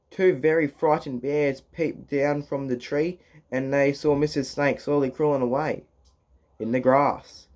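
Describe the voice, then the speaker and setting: A man reads a children's storybook aloud in a casual, unpolished way. He moves through the text slowly, restarting lines that trip him up. Now and then he breaks off for offhand asides. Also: fairly high pitch, a little mellow. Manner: halting, slow, restarts lines, swears in asides. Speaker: reader.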